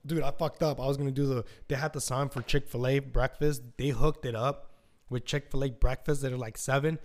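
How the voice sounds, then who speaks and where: A man's voice: mid-range voice, steady tone, fairly quick. A man hosting a podcast in a casual, rambling monologue, swearing freely and scattering fillers as he talks. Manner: rambling and profane, full of fillers. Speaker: podcast host.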